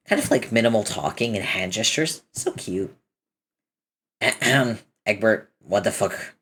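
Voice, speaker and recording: Woman reading a comic aloud: deep, husky, lively delivery, switches voices between characters. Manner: adds casual commentary between dialogue. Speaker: reader of a webcomic.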